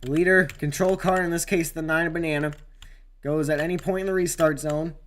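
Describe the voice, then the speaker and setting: A man commentating his own sim race on a live stream, rambling with many fillers and sudden excited outbursts. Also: on the high side, fairly quick, slight background noise.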